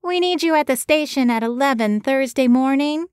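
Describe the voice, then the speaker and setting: A woman voicing a brisk female TV producer with a nasal voice and a thick Boston accent. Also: sits high, a little mellow, dry recording, studio quality, pitched above the performer's own voice, close to an everyday voice. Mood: businesslike.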